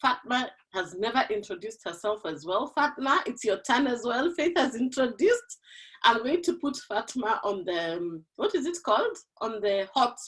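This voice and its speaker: A woman hosts an online women's gathering over a video call. Her voice swoops up and down with lively energy. She is chatty and laughs easily between remarks. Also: fairly high pitch, poor audio. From Kenya. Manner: animated, laughs often, chatty. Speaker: host of an online women's forum. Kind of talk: casual chat on a video call.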